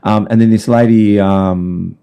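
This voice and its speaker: A man's voice: fairly low pitch, fairly even intonation, unhurried, gravelly, clear, resonant tone, muffled recording. A man as a podcast guest, telling rambling stories and giving direct advice in a casual chat. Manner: acts out voices in anecdotes.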